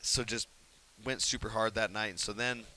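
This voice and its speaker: A man telling a story in a casual interview, animated and laughing, acting out quotes in hushed whispers. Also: on the low side, moderate pace. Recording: faint hiss.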